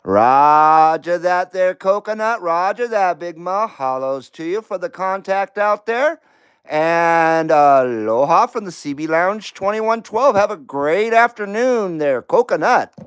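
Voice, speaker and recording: A man's voice: sits high, expressive, slow, fairly bright tone, smooth, dry recording. A middle-aged man hosting a live CB radio stream, chatting casually and joking easily with radio contacts.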